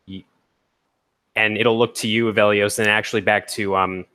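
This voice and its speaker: A man narrating a tabletop role-playing game as game master, in a measured, descriptive way. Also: lowish voice, fairly even intonation, bright, forceful tone.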